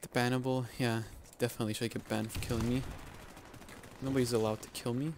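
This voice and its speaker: A man giving live gameplay commentary, excitable and self-mocking, yelping and groaning as he plays. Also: mid-range voice, fast, background noise. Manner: excitable, yelps and groans at in-game deaths; self-mocking, joking asides. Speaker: video game YouTuber. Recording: loud game gunfire under the voice.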